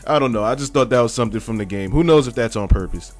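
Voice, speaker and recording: A man's voice: a little high, animated, fast talker, soft background music. A man hosting a video, giving casual, joking commentary and laughing often. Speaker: video host.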